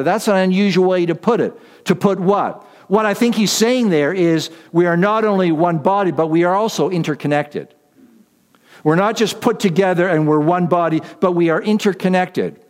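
A man delivers a sermon from the pulpit, leaning on repetition and drawing out key lines for emphasis. His voice sits a little high for a man. The sound carries a long reverb from the hall around him. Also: a little mellow. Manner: deliberate, repetitive emphasis with slowed key phrases; self-deprecating asides. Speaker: pastor.

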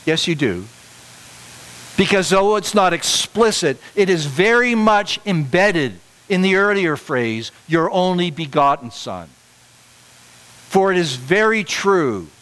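A middle-aged man preaching a sermon, emphatic and repetitive, pushing his voice higher on the key points. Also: animated, a little slow, fairly bright tone, clear, resonant tone, rough recording. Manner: emphatic, repeats phrases for stress, rising to higher pitch on key points.

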